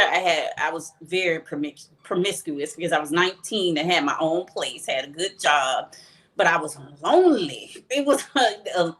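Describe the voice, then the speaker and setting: A woman's voice: on the low side, fairly bright tone. A woman from Texas speaks as a guest on a podcast, telling her own story. Her delivery is candid and plain-spoken, and she slips into the voices of the people in the story as she goes. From Texas, USA.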